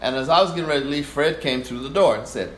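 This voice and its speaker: An older man, appearing as a guest performer, tells a story in conversation with a rather high voice and a quick pace. He's an animated storyteller who acts out the voices of the people in his tale. The room is echoey, with a faint hiss.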